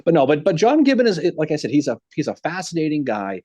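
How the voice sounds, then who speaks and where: Animated husky man telling stories. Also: on the high side, quick pace, no room sound. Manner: animated storyteller, acts out quotes. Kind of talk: casual discussion on a video call. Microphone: video call.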